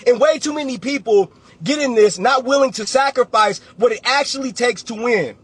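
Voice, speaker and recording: A man's voice: very high-pitched, moderate pace, a bit bright, breathy edge, no room sound. A man, a real estate coach giving a blunt, preachy motivational talk on a livestream and repeating phrases for emphasis.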